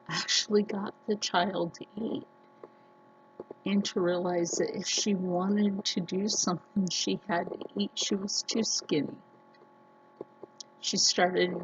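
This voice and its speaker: Woman vlogger, gravelly voice, slow earnest storytelling, dull lo-fi recording. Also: on the low side, a little hiss or hum. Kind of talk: casual personal talk to camera.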